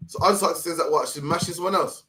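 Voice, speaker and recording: A man's voice: a little high, quick pace, pushed and bright. A man co-hosting a live stream, ranting emphatically and swearing in casual commentary. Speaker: stream show co-host.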